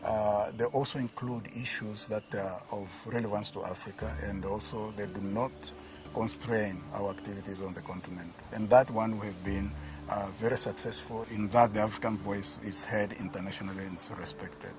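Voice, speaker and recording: A man's voice: fairly low pitch, fairly even intonation, normal speed. A man in a documentary interview, explaining at length with frequent hesitations.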